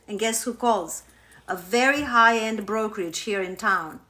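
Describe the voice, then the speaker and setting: A woman hosting a live stream from home as a spiritual coach, telling a story in a candid, animated way and swearing freely. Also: mid-range voice, a little slow. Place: at home on her couch. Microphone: phone.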